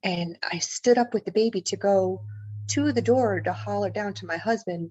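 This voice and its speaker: A woman's voice: medium pitch, moderate pace, a little mellow, husky, poor audio. A woman guest, an author and paranormal investigator, telling a personal story in an interview with vivid, emotional delivery and acted-out lines. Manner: vivid, emotional storytelling, acts out what people said.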